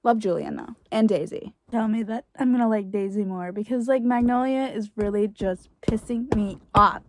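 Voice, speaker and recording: A woman's voice: mid-range voice, normal speed, slight background noise. A young woman reacting to a book in a casual reading vlog, gushing and exasperated by turns. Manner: gushing, exasperated, laughs and rants. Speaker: book vlogger.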